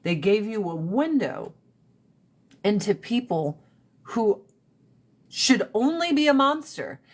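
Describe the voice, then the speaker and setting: A blunt woman hosting a live stream from her phone, speaking at a middle pitch. She chats casually and swears freely. When a point grabs her, she climbs into an emphatic rant. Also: very animated, slow. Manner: blunt, profane and opinionated, rants with rising emphasis. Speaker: livestream host. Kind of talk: casual livestream chat.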